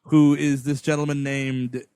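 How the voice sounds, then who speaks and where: A man's voice: mid-range voice, little pitch movement, unhurried, dark tone, clean tone, dry recording. A man co-hosting a comedy movie podcast, rambling through the plot and dropping into playful character voices. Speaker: podcast co-host. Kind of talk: casual comedic movie recap.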